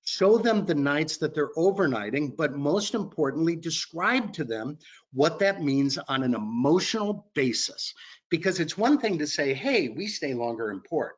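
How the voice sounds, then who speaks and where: A man's voice: animated, normal speed, highs cut off. A man training travel advisors in an upbeat, conversational way, stressing points with lifts in his voice. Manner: upbeat, conversational, emphatic pitch. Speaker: cruise line sales trainer.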